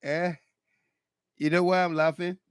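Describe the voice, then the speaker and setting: A man's voice: high-pitched, level tone, unhurried, clean tone, dry recording, clean studio sound. A man hosting a radio talk show, delivering a mocking political monologue and repeating his questions.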